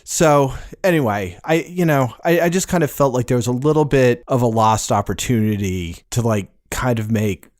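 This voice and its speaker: A man co-hosting a podcast, talking in a hesitant, halting way with many restarts. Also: medium pitch, a little mellow, dry recording, studio quality. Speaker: podcast co-host. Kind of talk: casual podcast review chat.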